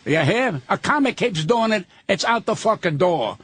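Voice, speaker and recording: A man's voice: high-pitched, very animated, moderate pace, a bit bright, husky, dry recording. An older man, a guest comedian, telling blunt, indignant stories and swearing heavily. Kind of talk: profane storytelling rant.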